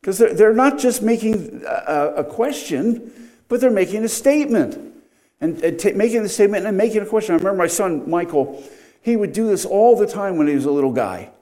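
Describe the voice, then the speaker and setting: A man's voice: high-pitched, animated, fairly quick, dark tone. A middle-aged man preaching an expository sermon, emphatic, his voice rising and dropping sharply.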